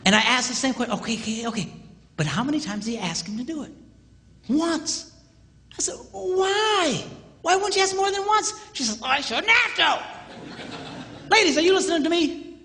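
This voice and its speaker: A man's voice: very high-pitched, quick pace, in a large hall, slight background noise. A man preaching, a pastor telling a humorous story and acting out the dialogue. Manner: animated, acts out quoted dialogue, jokey.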